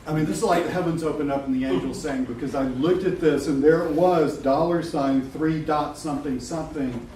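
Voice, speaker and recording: A middle-aged man with a fairly high voice talks casually to a live audience, joking, swearing and laughing as he goes. He is picked up from a distance in an echoey room. Background noise runs under his voice. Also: brisk, mellow. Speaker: webinar presenter.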